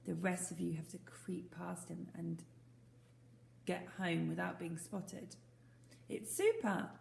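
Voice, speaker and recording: A woman's voice: mid-range voice, normal speed, creaky, a little mellow, slight background noise. A woman voicing a cheerful, confident young Boy Scout who talks in a breezy, teasing way. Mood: enthusiastic. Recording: roomy echo.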